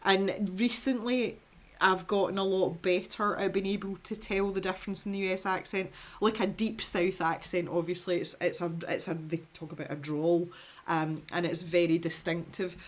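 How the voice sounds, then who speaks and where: A woman's voice: fairly low pitch, fairly even intonation, moderate pace. A Scottish woman with a mild accent hosting an art livestream, chatting casually and reading out viewer comments, with lots of laughter and rambling restarts. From Scotland.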